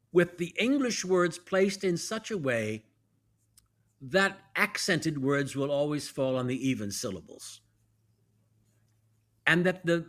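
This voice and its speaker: A man who is a guest actor and professor, explaining verse in a teacherly way, step by step, in a podcast conversation. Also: a little high. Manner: teacherly, lively, walks through examples step by step.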